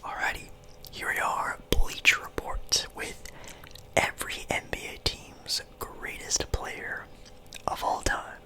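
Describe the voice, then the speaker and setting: A man's voice: slow pace, pushed and bright, rough recording. A young man whispering a casual ASMR sports ramble as host, chewing gum as he talks.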